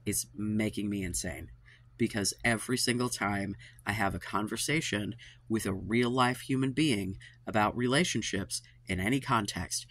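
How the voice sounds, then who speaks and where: A man's voice: fairly low pitch, a bit bright, slightly rough, no echo. A man hosting his own channel, venting in an exasperated, profane monologue, sighing and trailing off, fed up and worn out. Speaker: channel host giving dating advice. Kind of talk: frustrated monologue to camera.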